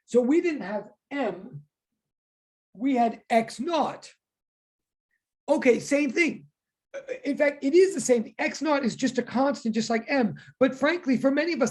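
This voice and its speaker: A woman teaching a physics class online, talking in quick self-correcting bursts. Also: high voice, slightly rough.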